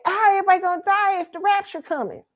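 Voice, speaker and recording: A woman voicing her bold, sassy four-year-old self with a high, squealy childlike voice, as she retells a memory. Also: quick pace, highs cut off. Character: bold, sassy little girl of about four.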